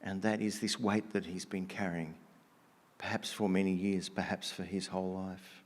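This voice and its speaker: A man preaching a conversational sermon, telling stories in a relaxed, casual way with slang and frequent restarts. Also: sits low, normal speed, in a large hall.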